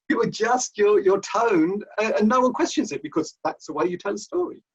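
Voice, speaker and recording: A man, an author and audiobook narrator, telling stories in a rambling, animated way with many restarts over a video call. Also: high voice, moderate pace, slightly rough, highs cut off. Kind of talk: casual video-call conversation.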